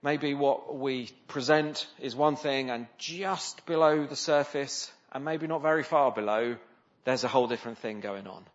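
On a somewhat dull, lo-fi recording, a man delivers a conversational sermon peppered with rhetorical questions for his listeners. His pitch is medium and his speed normal.

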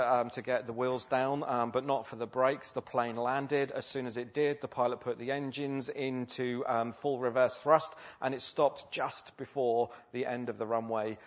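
A man preaching a sermon in a conversational way, with many fillers and rhetorical questions. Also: medium pitch. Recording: slightly dull lo-fi recording.

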